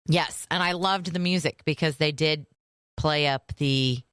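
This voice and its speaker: A woman's voice: deep voice, a little slow, a bit bright, clear, resonant tone, no room sound, clean studio sound. A middle-aged woman co-hosting a radio show, chatting casually in an upbeat, plain-spoken way. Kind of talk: casual banter.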